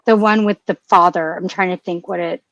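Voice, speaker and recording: A woman's voice: on the low side, steady tone, fairly quick, a bit bright, no echo, muffled recording. A woman co-hosting a casual podcast chat, gushing and emotional, with frequent restarts and fillers. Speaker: podcast co-host.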